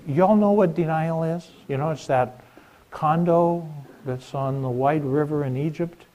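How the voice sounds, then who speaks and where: Middle-aged guy preaching, mellow slightly high voice, chatty, throws questions at the crowd. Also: unhurried, muffled recording. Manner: conversational, rhetorical questions to the congregation. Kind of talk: sermon.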